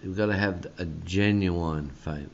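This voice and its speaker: A male pastor preaches in a very low voice. He talks slowly and with emphasis, tagging his points with a questioning "hey?". The recording sounds dull and lo-fi. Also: darkish tone, slight background noise. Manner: slow and emphatic, often adding a questioning "hey?". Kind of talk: sermon.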